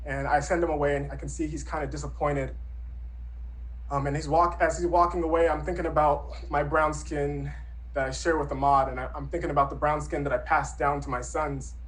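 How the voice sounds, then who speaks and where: A man's voice: fairly high pitch, level tone, a little fast, low-quality recording. A man in his thirties telling a true personal story in an earnest, reflective, conversational way. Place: Brooklyn.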